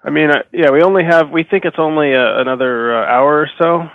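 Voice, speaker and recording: A man's voice: on the high side, fairly quick, dry recording, narrow, tinny audio. A man playing in a tabletop game, musing casually. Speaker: player.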